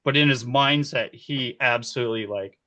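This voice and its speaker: A man in his forties, a key grip, telling set stories in a casual interview, animated and quick to laugh. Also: medium pitch. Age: 40s. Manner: animated, laughs often, acts out quoted voices. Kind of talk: casual storytelling.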